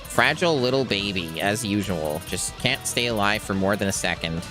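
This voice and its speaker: A young man streaming his first playthrough of a game, chatting in a joking, rambling way with casual profanity. His voice sits on the low side. Music plays clearly behind him. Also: expressive, normal speed. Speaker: blind let's play streamer. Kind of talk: casual gameplay commentary.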